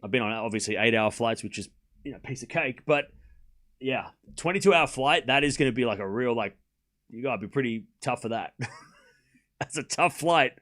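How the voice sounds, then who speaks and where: An Australian man who streams and coaches tennis talks casually during a live tennis watchalong, reading chat messages aloud and breaking into quick play-by-play. His voice sits at a medium pitch with a fairly bright tone.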